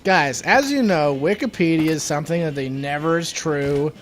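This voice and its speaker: A man's voice: a little high, moderate pace, soft background music. A young man co-hosting a let's play, joking sarcastically and rambling while he has the hiccups. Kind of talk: casual gameplay banter.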